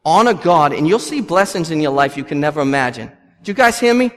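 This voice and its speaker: A man's voice: fairly high pitch, lively intonation, quick pace. A man, preaching a sermon with passion and repeating lines for emphasis. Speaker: pastor. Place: church. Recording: long hall reverb.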